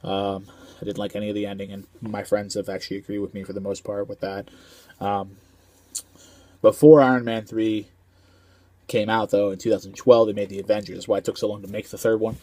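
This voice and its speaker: A man's voice: on the low side, little pitch movement, fairly quick, dark tone, no echo. A man giving a casual, rambling movie review, full of slang and filler ums.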